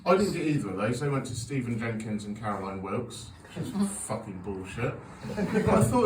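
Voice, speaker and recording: On a comedy club stage, a man in his forties with a lowish voice and big pitch swings delivers a stand-up set briskly, with hardly any pauses. His sweary, self-mocking stories draw laughter from the audience. The recording is echoey, taped from a distance, with background noise.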